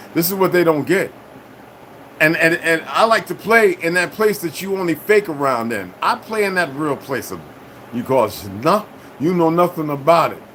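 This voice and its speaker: Casting: man, somewhat high pitch, combative streamer, swears constantly, rambles, faint background hum. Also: fairly bright tone. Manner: profane, confrontational, rambling. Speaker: channel host. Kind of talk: casual livestream monologue.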